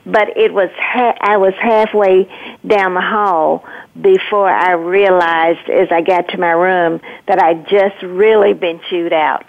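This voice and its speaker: A woman guest on a radio interview, a leadership coach who explains earnestly with pauses and fillers. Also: on the low side, fairly even intonation. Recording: tinny phone line.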